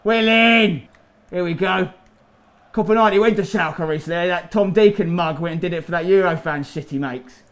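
A young man calls his own football game match, taunting and bragging as he plays. His voice sits high and keeps climbing into loud, excited shouts. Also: fairly quick. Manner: excitable, boastful, shouting at big moments. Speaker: gaming YouTuber. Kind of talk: live gameplay commentary with trash talk.

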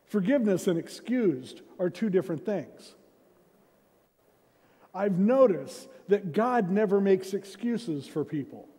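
Slow and expressive, this man speaks in a high, mellow voice with a slight roughness. He's preaching as senior pastor, conversational and self-deprecating, in a church sanctuary whose hall echoes noticeably.

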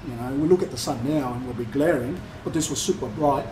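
A man's voice: mid-range voice, quick pace. An Australian man casually telling a personal story and acting out the voices of the people in it. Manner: animated retelling, acts out quoted voices. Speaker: guest telling his conversion story. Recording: echoey room, mic far off, noisy.

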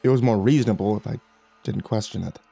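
A man narrating a first-person horror story, tense and hushed, rising with the scary parts. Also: fairly low pitch, fast talker, creaky, husky, dry recording, faint music behind.

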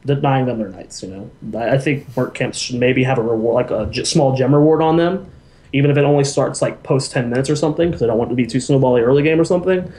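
A man of middle pitch gives firm opinions and suggests fixes to a game. He sounds like a co-host on a casual gaming podcast chat. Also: quick pace, warm tone.

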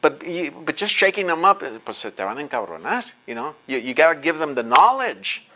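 Against a noisy background, a man with a high-ish, sing-song, brisk voice gives a fervent lecture. Intense, emphatic, blunt and swearing, he hammers his points by repeating words.

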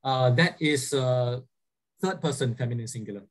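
In a classroom lecture with student questions, a man explains his points and keeps checking in with "right?" His voice is medium in pitch at a moderate pace, and the recording quality is low.

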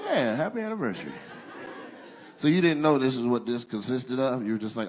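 A man doing live stand-up crowd work, loud, profane and teasing, laughing often. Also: mid-range voice, expressive, fairly quick. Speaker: stand-up comedian. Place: comedy club stage. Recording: live comedy club with crowd noise.

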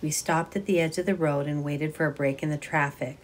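Low-voiced woman reading a novel aloud. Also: fairly even intonation, a little fast. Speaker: audiobook reader.

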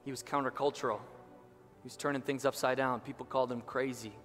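A man preaching a sermon as pastor, impassioned, slowing down and rising for emphasis. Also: mid-range voice, steady tone, a bit bright. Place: church sanctuary. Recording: reverberant church hall with music behind.

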